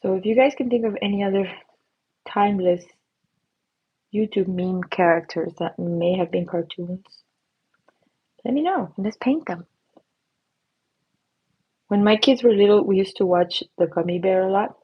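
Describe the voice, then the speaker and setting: A woman's voice: mid-range voice, moderate pace, pauses often, slightly rough, dull audio. A middle-aged woman hosting a casual livestream while she paints, chatty and playful, slipping into silly voices and whispers. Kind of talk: casual live-stream chat while painting. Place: at her painting desk.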